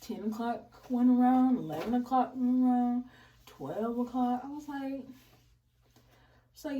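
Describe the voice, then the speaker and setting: A woman's voice: on the high side, a little slow, long pauses, dull audio. A young woman casually telling a story, acting out the other people's lines in changed voices. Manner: animated, acts out each person's lines in changed voices; addresses listeners as "y'all". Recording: distant mic with faint noise.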